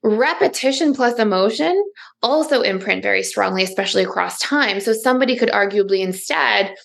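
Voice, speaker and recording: A woman's voice: mid-range voice, animated, a little fast, creaky. A woman therapist, a podcast guest, explaining ideas fluently with everyday examples and a lot of "like". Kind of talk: explanatory interview talk.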